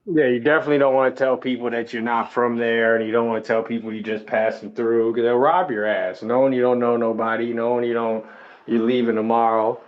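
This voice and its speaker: A man talking as a podcast guest and truck driver, relaxed and streetwise, swearing freely. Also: mid-range voice, a little fast, lo-fi sound. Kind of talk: casual chat. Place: on the road, remote call.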